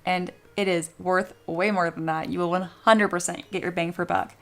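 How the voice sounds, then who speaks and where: A woman's voice: lowish voice, steady tone, moderate pace, fairly bright tone. A woman streaming a 3D sculpting tutorial in a chatty, joking way, explaining her steps and answering viewers. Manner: chatty, jokey, reads chat aloud. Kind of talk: live-stream tutorial chat.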